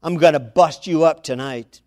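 Preacher guy doing the devil, snarly and boastful, shouting threats, kinda high, slow and clear. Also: natural voice. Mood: taunting.

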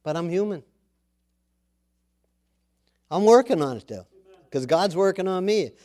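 A middle-aged male pastor preaching a sermon in a folksy, animated storytelling way. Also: high voice, measured pace.

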